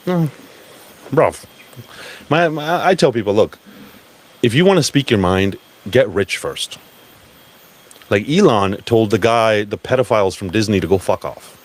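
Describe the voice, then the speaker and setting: A man giving a blunt, profane, animated live talk at a crypto event. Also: fairly low pitch.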